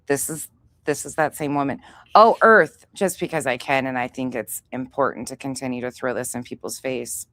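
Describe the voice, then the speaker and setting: A woman co-hosting a drama livestream, making measured, pointed remarks with a slightly smug edge. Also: a bass voice, fairly even intonation. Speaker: co-host guest on commentary stream. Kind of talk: livestream commentary.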